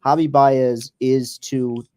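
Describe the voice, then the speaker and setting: A man's voice: mid-range voice, steady tone, takes it slowly, a little mellow, smooth. A man hosting a casual podcast, chatting loosely over a live baseball game with profane, rambling asides. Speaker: podcast host.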